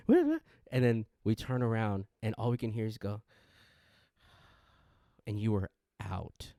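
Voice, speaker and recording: In a studio-quality recording with no echo, a young podcast co-host tells a story unhurriedly, leaving long pauses. He's animated despite frequent restarts and stammers, acting out quotes with dramatic pitch jumps.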